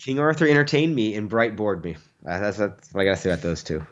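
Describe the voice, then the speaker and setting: A man's voice: lowish voice, big pitch swings, fast talker, highs cut off. A man hosting a film review podcast, teasing his co-host in casual chat.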